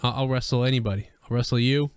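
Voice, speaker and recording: A man hosting a casual, profane wrestling chat, talking excitedly and laughing often. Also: medium pitch, fast talker, clean tone, dry recording. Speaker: podcast host.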